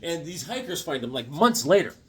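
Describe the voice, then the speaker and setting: A man's voice: on the high side, big pitch swings, fairly quick, fairly bright tone, breathy edge. A man casually recapping a comic series, rambling and chatty, often checking in with the listener.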